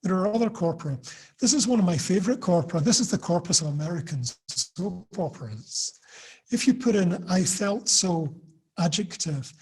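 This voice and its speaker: A man from Britain giving a lively online talk to teachers, often laughing and acting out quoted lines. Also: sits high, breathy edge. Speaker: teacher trainer. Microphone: video call.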